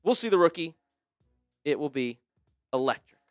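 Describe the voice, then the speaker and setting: A man hosting a live sports talk stream, chatting excitedly with viewers and a co-host. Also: moderate pace, clear, resonant tone, no echo, soft background music. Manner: excitable, jumps up in pitch when fired up. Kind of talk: livestream sports chat.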